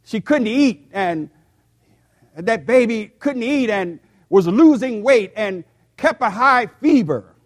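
An older man in his sixties preaching a sermon to a church, speaking slowly and deliberately and sometimes repeating words. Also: sits high, expressive. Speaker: pastor.

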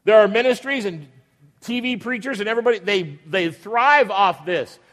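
A male pastor preaching an emphatic sermon, with dramatic pauses and repetition, often acting out the voices of people in the story. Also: sits high, a bit bright. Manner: acts out quoted voices of biblical figures. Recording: long hall reverb.

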